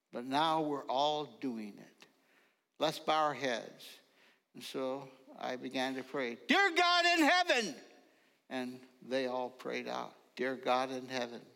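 An older man preaching a folksy sermon, telling stories slowly and now and then rising into loud ringing calls. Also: mid-range voice, creaky. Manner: slow storytelling, bursts into loud ringing calls. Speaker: pastor. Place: church sanctuary. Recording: long reverb of a large hall.

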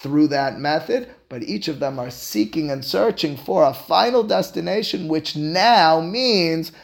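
A man, a rabbi, giving a lecture to a class, animated and emphatic, then dropping into quiet asides. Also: on the high side, unhurried, vocal fry. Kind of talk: classroom lecture on Jewish philosophy.

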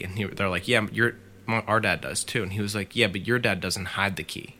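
A man's voice: lowish voice, fairly quick, sharp tone. A man casually retelling a story to friends on a podcast, filling it with "like" and "he said". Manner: chatty, leans on "like" and "he said" while retelling. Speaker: podcast co-host telling a story.

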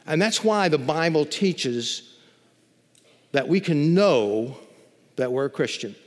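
A man's voice: fairly high pitch, animated, long reverb tail. A man preaching a sermon as pastor, stretching key words and building to emphatic, repeated phrases. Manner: emphatic, drawn-out preaching with rising intensity and repetitions. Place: church sanctuary.

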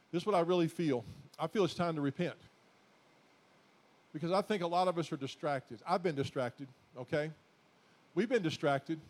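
A pastor preaches to his congregation in a fairly high voice. He speaks folksily, calling them folks, and he repeats his points until they swell into loud, emphatic declarations. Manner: exhorting, repetitive, builds to loud emphatic declarations. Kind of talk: sermon.

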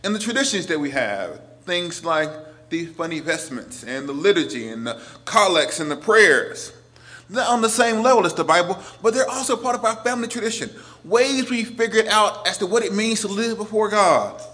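A priest in his forties preaching a sermon, earnest, moving between emphatic lines and hushed ones. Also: high-pitched, expressive, normal speed.

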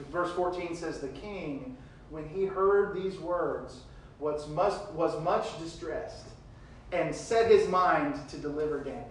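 A man preaching a sermon, reading scripture verses aloud and retelling them with big swings between loud and quiet. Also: a little high, very echoey, distant mic, a little hiss or hum, low-quality recording.

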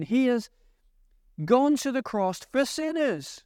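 A man delivers a slow, deliberate sermon in a smooth, resonant voice. He retells scripture with emphatic pauses and turns to earnest, pleading appeals to his listeners. The recording is close and dry. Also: extremely high pitch, big pitch swings, a little mellow, no echo. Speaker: preacher.

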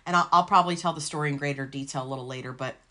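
A woman's voice: deep voice, racing, pushed and bright. A woman co-hosting a podcast, telling a long story in a rambling, casual way, swearing freely. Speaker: podcast co-host.

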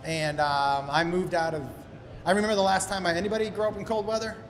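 A man's voice: high voice, fairly even intonation, fast talker. A man from Massachusetts doing stand-up crowd work, rambling through loose, profane stories on a comedy club stage into a handheld mic. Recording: live club recording with long reverb and crowd ambience.

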